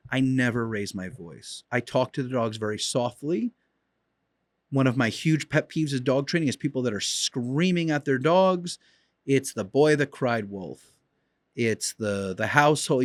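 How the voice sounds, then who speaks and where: A man's voice: mid-range voice, dry recording, clean studio sound. A man teaching as a dog trainer in an instructional video, talking emphatically and repeating key points.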